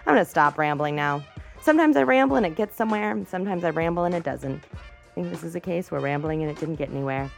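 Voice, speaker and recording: A woman's voice: low-pitched, lively intonation, quick pace, vocal fry, faint music behind. Bubbly rambling young woman host. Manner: rambling, bubbly, self-mocking. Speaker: podcast host. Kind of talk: comedy podcast monologue and sketch.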